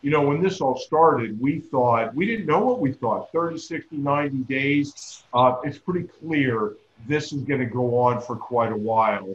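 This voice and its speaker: A man hosting a support network webinar, thanking the guest and giving measured closing announcements with some halting pauses over a video call. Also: medium pitch, a little hiss or hum. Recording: roomy dull video call audio.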